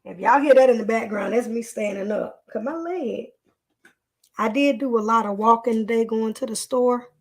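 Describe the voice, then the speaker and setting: A woman's voice: a little high, moderate pace. A woman hosting a live stream in a chatty, folksy way, talking straight to her viewers. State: leg pain. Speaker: host. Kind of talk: casual live-stream chat.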